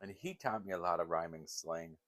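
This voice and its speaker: A man's voice: low voice, a little fast, fairly bright tone. An older man hosting his channel, telling rambling, meandering stories with frequent restarts and laughter. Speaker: channel host. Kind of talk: casual rambling storytelling.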